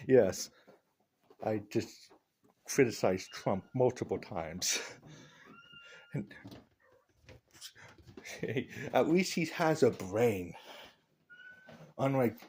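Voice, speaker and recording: Rambling joking man, lively pitch. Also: very slow, pauses often, slight background noise. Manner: rambling, joking, opinionated, laughs at own lines. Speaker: vlogger. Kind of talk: casual opinion rant to camera.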